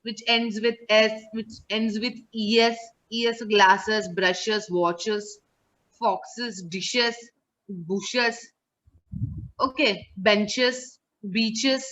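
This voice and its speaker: Bright-voiced teacher, woman. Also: a little high. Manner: patient, repeats words and checks understanding. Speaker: English teacher. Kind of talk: online class teaching. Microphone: video call. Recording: muffled online call audio.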